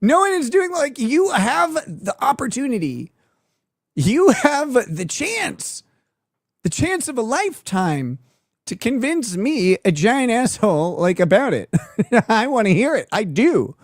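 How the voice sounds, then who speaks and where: A woman streamer reacting live, laughing and swearing as she goes. Her pitch swings widely in a sarcastic, teasing way. The sound is dry and close to the mic. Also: big pitch swings, a little slow, dry recording. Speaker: streamer host.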